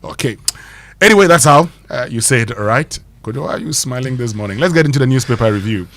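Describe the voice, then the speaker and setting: A man's voice: mid-range voice, expressive, fast, a bit bright, dry recording. A man with a Ghanaian English accent hosting a morning radio show in a studio, explaining things with frequent laughs. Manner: explanatory, laughs often between points. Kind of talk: radio morning show chat and pronunciation segment.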